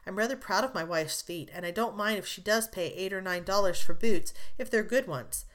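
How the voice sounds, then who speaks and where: A woman voicing a kind, patient young husband in an audiobook, speaking dryly and quietly, a little lower. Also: brisk, lightly acted. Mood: good-humored. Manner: dry, good-humored, quiet.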